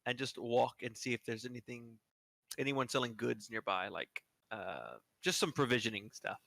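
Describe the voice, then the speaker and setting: A man's voice: medium pitch, animated, moderate pace, creaky, a bit bright, dry recording. A man playing a tabletop game, joking with the table, laughing often and hesitating with fillers. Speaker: player. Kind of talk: casual tabletop play.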